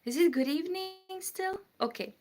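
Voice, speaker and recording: A woman's voice: very high voice, animated, moderate pace, darkish tone. A woman from Moldova, hosting a casual livestream and chatting as she reads out viewer comments and answers them. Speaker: livestream host. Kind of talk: casual live-stream chat.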